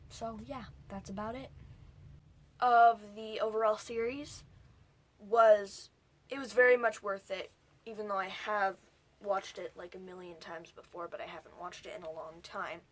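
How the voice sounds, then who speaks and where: A woman's voice: mid-range voice, steady tone, measured pace. A young woman casually recapping a movie for her vlog, rambling and jumping between points with whispered asides. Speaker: movie reviewer.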